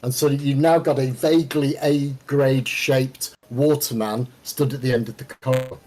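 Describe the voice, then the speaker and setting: Man, game master, tabletop game narration, relaxed, pauses and fillers. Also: mid-range voice, faint music behind. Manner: relaxed, hesitant, counts dice aloud.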